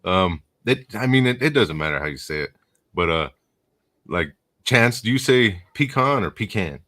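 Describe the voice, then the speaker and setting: A laid-back man hosting a casual live stream, speaking in a very low, deep voice. He keeps the talk going by asking his guests questions and reading out viewer comments. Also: animated, moderate pace, a bit bright. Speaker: host. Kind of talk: casual chat.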